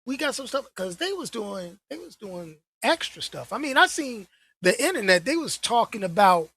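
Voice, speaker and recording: A man with a husky, slightly breathy voice rants straight to camera on his own channel. His pitch swings widely as he gets worked up. He talks in loose slang and hammers points home by saying them twice. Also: normal speed. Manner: animated, slangy, repeats phrases for emphasis. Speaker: channel host. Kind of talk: casual rant to camera.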